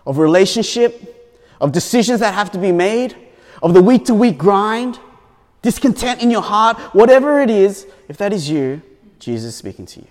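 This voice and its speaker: Male pastor, chatty sermon, higher voice, hall echo. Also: darkish tone. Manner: conversational, frequent "right?" tags.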